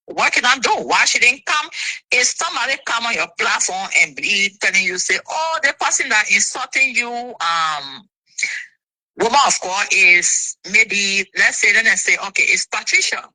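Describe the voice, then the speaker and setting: A woman, an interview guest telling her side of a dispute in an indignant, animated way. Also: mid-range voice, normal speed, no room sound, low-quality recording.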